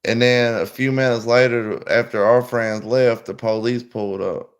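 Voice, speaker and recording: A man's voice: mid-range voice, steady tone, normal speed, clear, resonant tone. A man hosting a livestream, telling stories in a rambling, over-the-top way with lots of laughing. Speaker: livestream host. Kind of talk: casual livestream chat.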